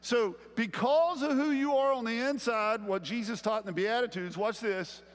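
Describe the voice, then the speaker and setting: A middle-aged man preaching a sermon as pastor, building to loud emphatic points and checking in with "okay?". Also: extremely high pitch, normal speed, big-room sound. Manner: animated preaching, rising louder on key points, frequent "okay?" check-ins. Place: church sanctuary.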